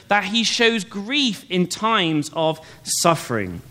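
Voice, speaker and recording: A young man preaching a sermon, reading scripture aloud and then explaining it in an earnest, measured way. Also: high-pitched, big pitch swings, bright, forceful tone. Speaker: pastor.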